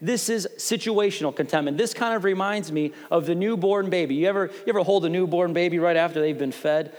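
A male pastor in his thirties preaching a sermon, animated and playful, acting out quoted voices as he tells stories. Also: sits high, brisk. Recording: long hall reverb.

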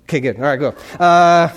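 A man's voice: a little high, gravelly, fairly bright tone, highs cut off. A male pastor preaching a sermon in an earnest, conversational way, putting questions to his congregation in a church. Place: church sanctuary. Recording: long reverb of a large hall.

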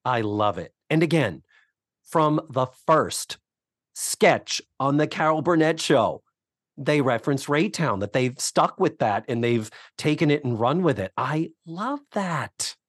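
A man's voice: mid-range voice, measured pace, slightly rough, dry recording, clean studio sound. A man co-hosting a casual podcast, recapping a sitcom episode and acting out the characters' lines. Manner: animated, acts out characters' lines in quotes. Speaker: podcast co-host.

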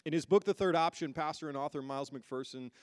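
A man's voice: on the high side, quick pace, no echo, clean studio sound. A man preaching a sermon as pastor to a congregation, emphatic and full of rhetorical questions. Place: church hall with a congregation.

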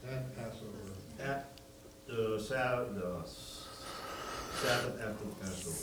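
A man's voice: fairly low pitch, slow pace. A man in the congregation chiming in with brief corrections. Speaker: congregation member. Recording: far-off, echoey room, loud noise.

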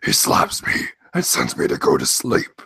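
A man voicing a sinister cartoon villain in a deep, gravelly rasp, doing a comedic dramatic reading in a slow, menacing drawl. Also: pushed and bright, no echo, in a whisper, lightly acted.

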